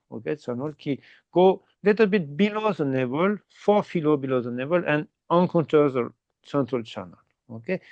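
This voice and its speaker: Man, meditation teacher, gravelly voice, checks in with "okay?", dull dry recording. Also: fairly high pitch, a little mellow, no room sound. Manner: explains slowly and repeatedly, ending phrases with "okay?"; non-native English with simple grammar slips. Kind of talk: guided meditation instruction.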